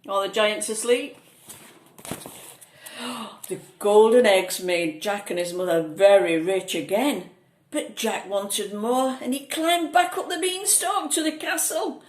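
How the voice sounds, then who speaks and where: A woman reading a picture book aloud to a child, gently pointing out the pictures as she goes. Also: mid-range voice. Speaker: storyteller. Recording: echoey room, faint noise.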